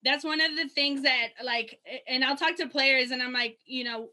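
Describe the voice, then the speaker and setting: A woman's voice: high voice, normal speed, hardly any pauses. A woman coach talking casually about coaching and parenting, with lots of fillers and a voice that drops off at the end of a point. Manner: chatty, many fillers, drops softer at ends of points. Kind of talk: casual podcast chat.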